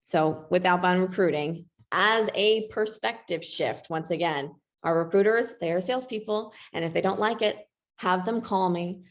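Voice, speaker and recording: A woman's voice: fairly low pitch, moderate pace. A woman presenting a webinar in a casual, chatty way, often saying "like" and keeping an upbeat tone.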